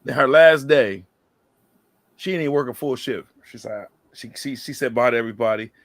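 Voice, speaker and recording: Gravelly-voiced man telling workplace stories. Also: medium pitch, brisk, no room sound. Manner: animated storyteller, quotes people in lively voices. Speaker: podcast host. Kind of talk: casual chat.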